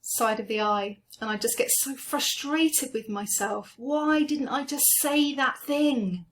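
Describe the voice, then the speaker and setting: A woman coaching a guided EFT tapping session, speaking slowly and gently as she names each tapping point. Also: a little high. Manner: slow, gentle, soothing guidance.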